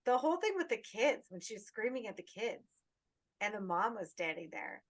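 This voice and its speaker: A woman co-hosting a podcast, talking in a loose, rambling way and swearing freely. She is animated, at a middle pitch, over a remote call. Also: moderate pace. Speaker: podcast co-host. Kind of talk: casual chat.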